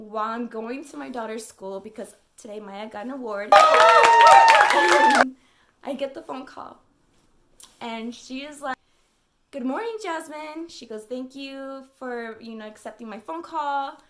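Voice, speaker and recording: A young woman vlogging, venting in a casual, emotional way, with fillers and swearing. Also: a little high.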